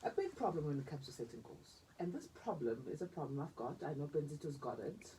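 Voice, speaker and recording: Low-voiced emotional South African woman radio host. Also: quick pace, distant mic, slight background noise, rough recording. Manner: emotional, expressive, laughs easily. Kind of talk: radio interview.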